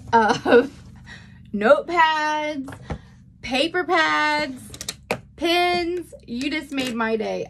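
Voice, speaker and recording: A woman in her thirties unboxing a gift on a phone camera, gushing with thanks between slow, halting fillers. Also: a little high, fairly bright tone, a little hiss or hum. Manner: gushing and grateful, many fillers. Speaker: beauty seller unboxing a gift. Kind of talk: casual unboxing vlog.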